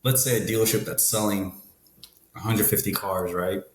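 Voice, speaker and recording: With a low, steady voice at a moderate pace, this guest discusses the car business in a casual interview, matter-of-fact and leaning on tag questions like "right?" He's a car dealership expert. The recording has roomy echo and slight background noise.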